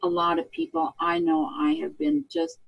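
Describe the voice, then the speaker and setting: A woman's voice: high-pitched, sing-song, normal speed, gravelly, lo-fi sound. A woman guest, an equine therapist, talking earnestly and with animation in a casual interview.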